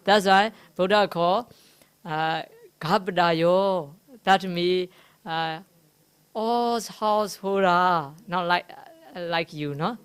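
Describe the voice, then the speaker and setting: In a meditation centre hall, a Buddhist teacher gives a slow, unhurried Dhamma talk in a fairly low, clear voice. Her halting delivery explains each Pali term slowly with many pauses and fillers, and now and then she gently teases the audience.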